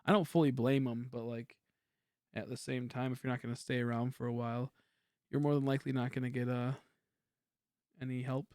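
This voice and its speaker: A young man chatting casually on a game stream, quiet and rambling, humming between thoughts. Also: mid-range voice, little pitch movement, fairly quick, pauses often, clear, resonant tone, no echo, studio quality. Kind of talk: casual livestream chat while gaming.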